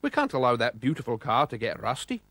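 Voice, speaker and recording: A man voicing a gentle, motherly female lake monster in a storybook reading, polite and kindly. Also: medium pitch, wildly swooping pitch, fast, no echo. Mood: gracious.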